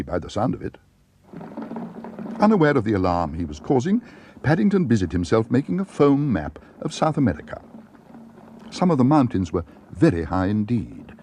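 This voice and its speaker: A man narrates a storybook cartoon with a gentle, wry touch. His pitch ranges very widely as he tells it. A faint noise sits under the voice.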